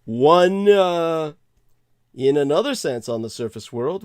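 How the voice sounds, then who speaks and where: A man's voice: mid-range voice, a little mellow, no echo, clean studio sound. A man hosting a talk show, delivering a rambling monologue and laughing off interruptions. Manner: long-winded, laughs off interruptions. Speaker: podcast host.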